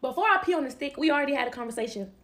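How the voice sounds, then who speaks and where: A young woman rattles off a casual storytime at a brisk clip, her voice sitting a little on the high side. She is emphatic and slangy, laughing easily and throwing herself into the lines she quotes from other people. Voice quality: animated, emphatic, quick to laugh.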